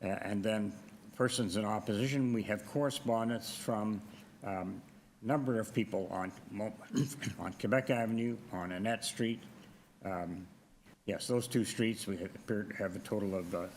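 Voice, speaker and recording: A man with a fairly low voice chairs a public hearing, reading out items in a formal, procedural manner. A faint hiss sits under his voice in the hearing room. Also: moderate pace, a little mellow. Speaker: committee chair.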